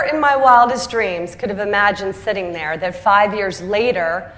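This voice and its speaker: A middle-aged woman telling her founder story as a lively speech, acting out the voices of people she quotes and laughing often. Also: medium pitch, normal speed, hardly any pauses. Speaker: entrepreneur and speaker.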